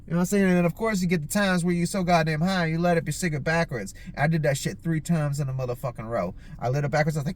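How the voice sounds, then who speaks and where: A man with a slightly higher voice telling casual stories as a podcast host. He rambles, swears constantly and stuffs his sentences with "like". When he quotes himself, his voice jumps up in pitch. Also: rapid-fire, few pauses. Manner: rambling and heavily profane, lots of filler "like". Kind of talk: casual storytelling.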